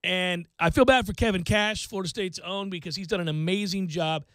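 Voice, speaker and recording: A man hosting sports talk radio, chatting casually and excitedly, rattling off baseball stats and joking around. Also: high voice, brisk, no room sound.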